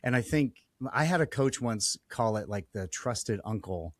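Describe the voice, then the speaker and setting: A man's voice: on the low side, animated, moderate pace, no room sound, studio quality. A man hosting a podcast interview over a remote call, talking casually, often restarting his sentences and letting them trail off. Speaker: podcast host.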